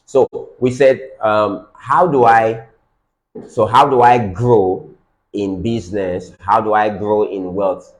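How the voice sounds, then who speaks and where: A man's voice: lowish voice, steady tone, slow. A man leading a live-streamed business training, repeating his key points emphatically. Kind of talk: live-streamed teaching session.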